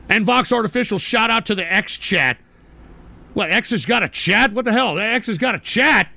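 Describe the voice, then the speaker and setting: A man hosting a live-streamed political talk show, cursing and ranting at chat trolls, jumping between shouts and low grumbles. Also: lively intonation, fast talker, creaky, no room sound.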